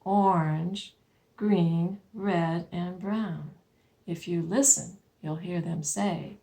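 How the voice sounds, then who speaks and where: A woman librarian leading a children's storytime, speaking in a gentle, patient, sing-song way. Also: medium pitch, slow, vocal fry, a little hiss or hum.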